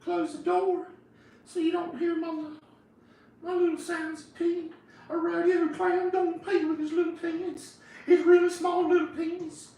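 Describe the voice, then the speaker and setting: A man putting on a squeaky, high-pitched voice as a rowdy, foul-mouthed male rodeo clown, yelling and cackling. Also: level tone, moderate pace, creaky, roomy sound, a little hiss or hum. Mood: mocking.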